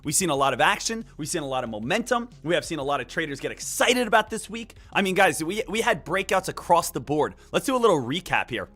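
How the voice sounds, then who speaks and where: A man streaming live market commentary, energetic and emphatic, repeating key points and joking with viewers. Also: fairly high pitch, quick pace, few pauses. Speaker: day trading live streamer.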